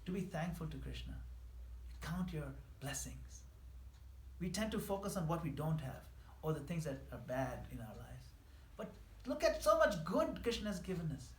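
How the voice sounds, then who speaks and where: A man giving an earnest devotional class, voicing prayers in a soft pleading tone. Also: fairly high pitch, sing-song, moderate pace. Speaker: spiritual teacher. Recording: echoey room with faint noise.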